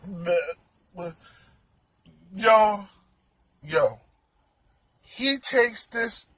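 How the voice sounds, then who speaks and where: High bright-voiced guy telling a funny story all worked up, slight hiss behind him. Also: extremely slow. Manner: animated, exclaiming, repeats words. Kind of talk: comic storytelling.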